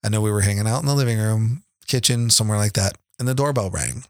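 Chatty dad in a dry booth. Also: male voice, lowish voice, fast, no echo. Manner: rambling, laughs often, many restarts. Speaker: podcast co-host, father. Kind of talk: casual storytelling chat.

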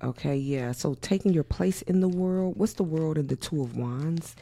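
A woman with a dark, gravelly voice talks her way through a tarot spread in a loose, musing way. She keeps saying "yeah" and swears now and then without any fuss. Her tone stays mellow and relaxed. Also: sits low, normal speed. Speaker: tarot reader. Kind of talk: casual tarot reading.

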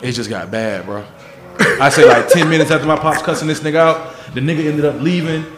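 A man telling stories in casual banter on a podcast, animated, swearing freely and acting out the people in them. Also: fairly high pitch, brisk, roomy sound, very noisy.

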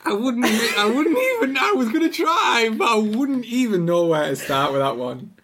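A woman's voice: on the high side, big pitch swings, moderate pace, a bit bright, a little hiss or hum. A young woman from Middlesbrough with a Teesside accent, chatting on a podcast microphone, self-deprecating, laughing often and swearing. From Middlesbrough, England. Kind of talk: casual chat.

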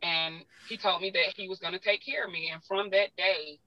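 A woman's voice: lowish voice, fairly even intonation, moderate pace, no room sound, highs cut off. A talkative woman with a Southern US accent, a guest sharing personal stories in a heartfelt way. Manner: talkative, heartfelt, self-described talker. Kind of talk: emotional personal storytelling.

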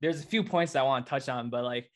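Male host, casual conversational chat, medium pitch. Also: quick pace. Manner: relaxed and conversational, says dude and like.

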